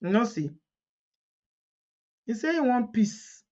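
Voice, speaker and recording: A Nigerian woman hosting a casual gossip commentary vlog, laughing often and reading comments aloud with lively reactions. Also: medium pitch, moderate pace, highs cut off. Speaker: commentary vlogger.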